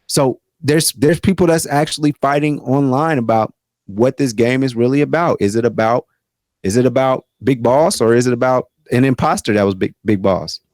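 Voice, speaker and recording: A man co-hosting a podcast in casual chat, rambling and animated with many restarts. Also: mid-range voice, normal speed, no room sound, studio quality. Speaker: podcast co-host.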